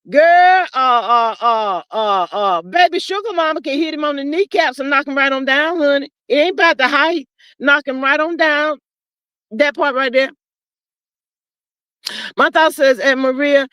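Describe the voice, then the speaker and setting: A woman's voice: sits high, lively intonation, a bit bright, clean tone, dry recording. A woman hosting a live stream, chatting casually and reading out comments in a sassy, folksy way, calling listeners child and honey. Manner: drawn-out fillers, laughs often.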